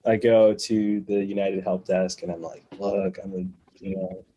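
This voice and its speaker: A man guesting on a podcast, telling a long story in a casual, animated way and acting out the other people in it. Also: deep voice, moderate pace, muffled recording, a little hiss or hum. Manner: animated storyteller who acts out quoted voices and laughs between lines.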